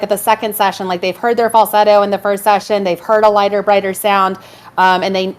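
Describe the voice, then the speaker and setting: A woman who works as a voice coach, casually explaining how her clients progress. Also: medium pitch. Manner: explanatory, uses stock phrases. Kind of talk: casual chat.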